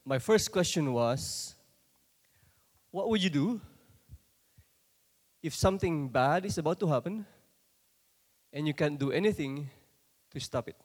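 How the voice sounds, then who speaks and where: High-voiced slow preacher in a reverberant hall. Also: male voice, expressive. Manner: dramatic, rising to forceful outbursts when quoting scripture. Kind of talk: sermon.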